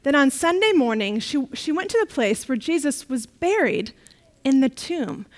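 In a church service, a woman leads a children's talk, telling a story playfully and with animation while getting the kids to repeat refrains. Her voice is high, her pace normal, and the recording is low quality.

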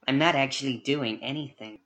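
Male narrator putting on a cruel, sweet-talking young girl; bright and slightly higher, mocking and defiant. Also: a little fast, natural voice. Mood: coy. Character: cruel teasing young girl, newly grown. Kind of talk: audiobook character voice.

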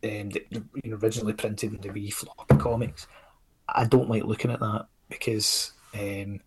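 A man's voice: on the low side, level tone, moderate pace, husky. A Scottish man, a comics creator, chatting on a podcast in a rambling, self-critical way with lots of fillers and casual swearing.

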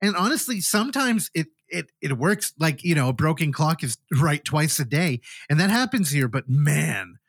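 A man's voice: fairly high pitch, big pitch swings, normal speed, few pauses, fairly bright tone, no echo, clean studio sound. A man co-hosting a podcast, casually reviewing a horror film and animatedly acting out the characters' lines as he retells it. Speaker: podcast co-host.

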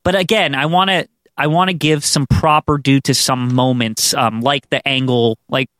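A man's voice: medium pitch, fairly even intonation, moderate pace, a bit bright, no room sound, studio quality. A man co-hosting a podcast, agreeing loosely, full of fillers and restarts. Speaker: podcast co-host. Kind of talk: casual podcast chat.

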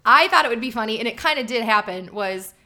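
A woman co-hosting a podcast, telling stories in animated casual chat and laughing easily. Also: a little high, fast. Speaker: podcast co-host.

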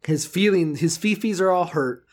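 A man's voice: high-pitched, moderate pace. A man co-hosting a podcast in casual chat, mocking and swearing, laughing often. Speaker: podcast co-host.

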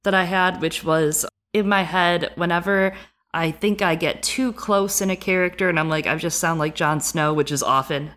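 Frank low-voiced Midwestern woman. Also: moderate pace. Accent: Midwestern American. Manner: animated, frank, swears freely. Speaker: podcast co-host. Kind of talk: casual podcast chat.

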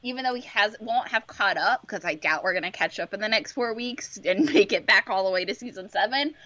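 A woman's voice: medium pitch, a little fast, bright, forceful tone, no echo. A young woman co-hosting a fan podcast, upbeat and giggly, rambling as she chats. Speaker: podcast co-host. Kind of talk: casual fan podcast chat. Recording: dull, dry lo-fi mic.

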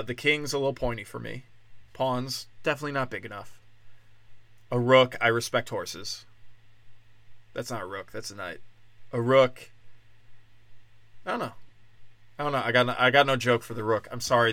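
A drunk man hosting a solo comedy podcast, rambling crudely and swinging between loud outbursts and low mutters. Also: no room sound. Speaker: podcast host.

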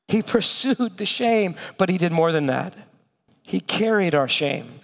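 A man preaching a sermon, telling stories with lively acted-out voices and going slow and hushed for his weightiest points. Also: sits high, big-room sound. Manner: animated storytelling, acting out quoted voices. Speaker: pastor.

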